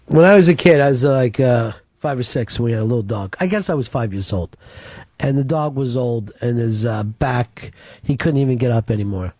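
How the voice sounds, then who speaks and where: A man telling a dark comic story in a deadpan, profane way. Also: mid-range voice, brisk, no echo.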